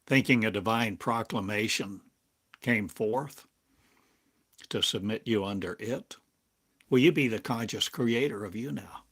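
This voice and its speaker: Older guy, low husky voice, super slow spiritual musing, long pauses between bits. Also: fairly bright tone. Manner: drawn-out, halting phrases with long pauses. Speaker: spiritual teacher. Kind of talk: slow meditative spiritual monologue. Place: home in a small town, drinking coffee.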